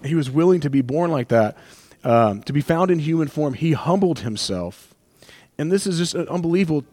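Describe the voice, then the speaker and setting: A man's voice: on the high side, animated, normal speed, mellow, dry recording. A man preaching a sermon as pastor, conversational and emotional, with asides and acted-out quotes.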